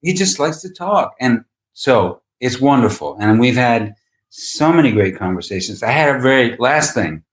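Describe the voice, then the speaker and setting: A man telling a story on a podcast, lively and prone to laughing as he acts out what others said. His voice sits at a middle pitch and carries a roomy echo. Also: normal speed. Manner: animated, laughing, acts out quotes. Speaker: guest actor. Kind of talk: anecdotal storytelling.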